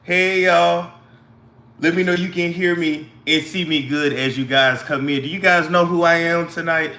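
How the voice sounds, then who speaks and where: A man putting on a scatterbrained woman who frets over her damaged hair, drawling slowly and calling everyone baby. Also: sits high, expressive, sharp tone, heavily acted. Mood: fretful. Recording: echoey room.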